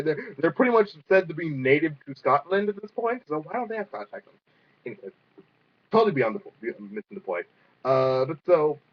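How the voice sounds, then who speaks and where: A young man casually reviewing a cartoon episode, rambling with lots of fillers and the odd swear word. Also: on the high side. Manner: rambling, filler-heavy, profane. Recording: dull lo-fi sound.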